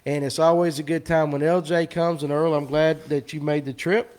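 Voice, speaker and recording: A man's voice: on the high side, flat delivery, moderate pace, a little mellow. A man hosting a live fishing show, rambling and teasing his guests in casual chat.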